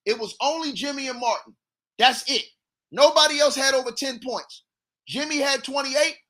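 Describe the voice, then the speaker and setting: On his stream, this sports commentator keeps a moderate pace, but his high voice stays loud and hyped as he trash-talks and circles back to the same lines.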